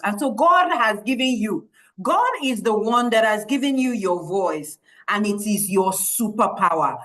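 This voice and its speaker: A woman coaching children in a lively online workshop, enthusiastic, repeating her praise and laughing often, heard over a video call. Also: fairly high pitch.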